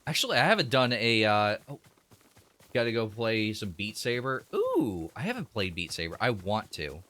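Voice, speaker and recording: A man's voice: lowish voice, sing-song, normal speed, pushed and bright. A young man live-streaming a game, rambling to his chat in a casual, chuckling way.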